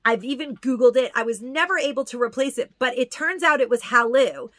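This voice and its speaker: A woman's voice: sits high, a little fast, fairly bright tone, no echo. A woman chatting casually through a product haul, gushing and repeating words for emphasis. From New York. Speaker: haul vlogger.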